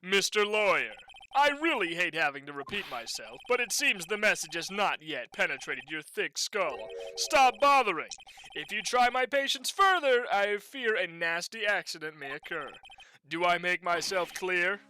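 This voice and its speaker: Fan game dub: man doing a haughty, condescending rich company boss, bright tone, swooping delivery. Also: high-pitched, animated, a little hiss or hum, poor audio. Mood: menacing. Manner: condescending, theatrical, drawn-out threats. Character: pompous, menacing rich male company president.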